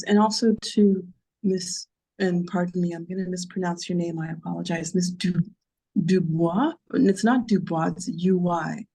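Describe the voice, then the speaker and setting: A neighborhood commissioner asking a long question at a public meeting, polite and halting with many fillers. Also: medium pitch, gravelly, warm tone, breathy edge.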